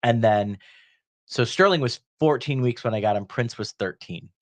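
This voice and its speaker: A man's voice: mid-range voice, normal speed. A man chatting casually on a podcast, telling a long personal story and acting out the people in it. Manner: animated storyteller, acts out quoted voices.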